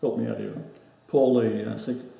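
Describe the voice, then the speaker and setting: A man with an Australian accent, hosting a casual chat, rambling and halting with many fillers. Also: lowish voice, little pitch movement, creaky, mellow. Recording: very echoey room, voice distant from mic.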